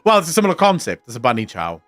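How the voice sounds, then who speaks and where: A man's voice: medium pitch, wildly swooping pitch, very fast, a bit bright, dry recording, soft background music. A young man chatting casually on his stream, rambling and swearing freely. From South Africa. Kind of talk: casual chat reacting on stream.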